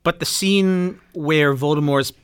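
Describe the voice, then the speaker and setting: A man co-hosting a podcast in casual, excitable chat, sometimes swearing. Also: fairly high pitch, takes it slowly, clear, resonant tone. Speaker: podcast co-host.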